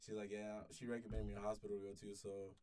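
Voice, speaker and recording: A podcast storyteller in his twenties tells a long story in casual chat, rambling, swearing, and restarting many times. His voice is fairly low, mellow, and monotone, delivered at a quick pace. He sits back, far from the mic.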